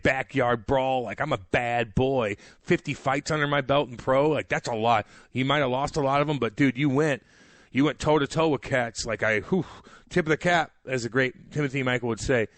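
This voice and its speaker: A man's voice: mid-range voice, no echo. A man co-hosting a sports radio show, talking in an emphatic, rambling, heated way. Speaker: sports radio co-host, former hockey player. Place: radio studio.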